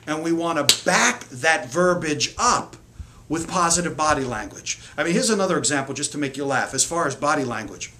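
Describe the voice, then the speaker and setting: A man's voice: a little high, lively intonation, moderate pace, bright, forceful tone. A middle-aged man coaching parents in an earnest, emphatic lesson to camera, acting out the lines parents say.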